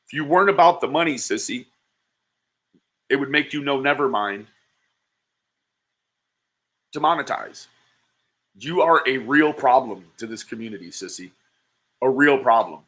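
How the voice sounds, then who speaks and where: Guy on a livestream cussing out a clip, bright forceful voice, mocking and heckling. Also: mid-range voice, animated, moderate pace, pauses often. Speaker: livestream commentator. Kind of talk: profane reaction commentary.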